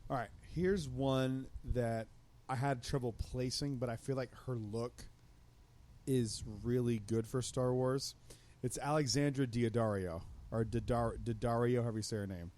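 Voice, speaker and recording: A man's voice: mid-range voice, fairly even intonation, moderate pace, a little mellow. A man co-hosting a podcast, chatting casually in a rambling, hesitant way, often restarting his phrases. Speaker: podcast co-host. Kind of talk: casual chat.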